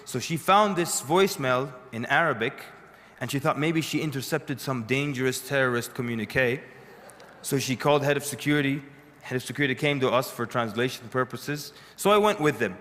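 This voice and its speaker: A man's voice: mid-range voice, fairly quick, fairly bright tone, a little hiss or hum. A man giving a lecture to a live audience, telling stories conversationally with dry humorous asides. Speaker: speaker addressing an audience. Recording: long reverb of a lecture hall.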